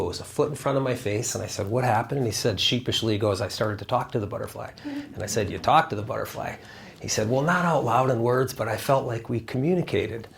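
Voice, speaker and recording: A man's voice: mid-range voice, vocal fry, slight background noise. A man telling a personal story to a live audience, earnest, acting out dialogue and asking the crowd questions, at times choked up. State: choked up, near tears. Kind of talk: storytelling talk with a spiritual message.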